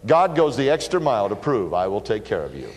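A middle-aged man preaching a sermon, telling stories with lively bursts of emphasis. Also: fairly low pitch, fairly quick. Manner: animated storytelling, bursts of emphasis. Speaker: pastor. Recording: long hall reverb.

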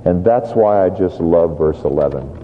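A man preaching a sermon, telling a Bible story with lively, acted-out scenes. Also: low-pitched, moderate pace. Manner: animated storytelling, acts out scenes. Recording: tinny phone-like sound in a reverberant hall.

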